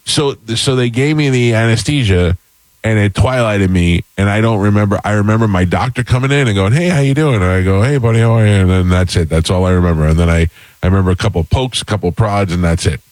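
A man's voice: on the low side, fast, darkish tone, no room sound, low-quality recording. A man hosting a casual chat show, telling a long rambling story with self-deprecating humor.

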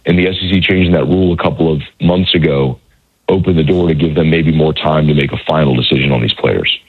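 A hoarse man who has lost his voice, reporting on college football over a phone line in a measured, hedging way with many restarts. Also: very deep voice, dry recording. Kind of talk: casual radio phone interview.

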